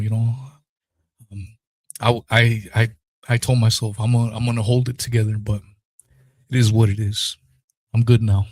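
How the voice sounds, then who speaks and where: A young man talks alone into his podcast mic, open and emotional, dropping curse words as he goes. His voice sits at an ordinary middle pitch. The sound is dry and close, with little room around it. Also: little pitch movement, moderate pace, pauses often, a little mellow, dry recording. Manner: raw, emotional, swears freely. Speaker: podcast host. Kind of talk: solo podcast talk, live stream.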